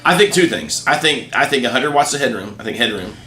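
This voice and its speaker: A man's voice: mid-range voice, lively intonation, fast talker, bright, forceful tone. A man co-hosting a guitar shop livestream, talking casually in rambling sentences full of fillers. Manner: rambling, filler-heavy, laughs often. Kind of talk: casual chat.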